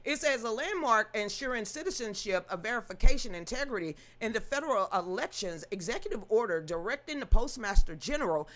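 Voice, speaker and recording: A woman's voice: a little high, expressive, brisk, few pauses, fairly bright tone. A woman reading news aloud, then ranting about it in an emphatic, sassy, scolding way. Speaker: political commentary host.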